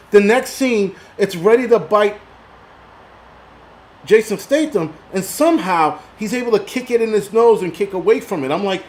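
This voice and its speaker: A man's voice: sits high, animated, moderate pace. A middle-aged man hosting a live stream, ranting profanely and reading chat comments aloud, a little tipsy from liquor. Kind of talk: casual live stream rant.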